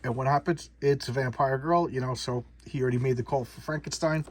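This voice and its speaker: A man's voice: medium pitch, fairly even intonation, brisk, slight background noise. A man doing a casual comic book showcase, rambling and often repeating and restarting words.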